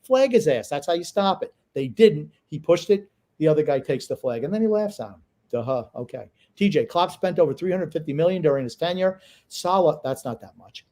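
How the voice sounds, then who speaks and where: A man with a slightly higher-than-usual voice talks sports on a casual podcast. He is blunt and opinionated, swears freely and argues his points hard. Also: animated, fairly quick, hardly any pauses, mellow. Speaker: podcast co-host.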